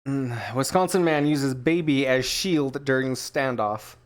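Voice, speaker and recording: At a measured pace and medium pitch, a podcast co-host reads headlines aloud in a casual chat. The tone is playful and profane, and scenes get acted out in funny voices.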